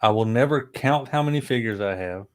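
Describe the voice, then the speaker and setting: A man's voice: medium pitch, brisk. A man in a casual chat who talks bluntly and emphatically and swears freely. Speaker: guest co-host.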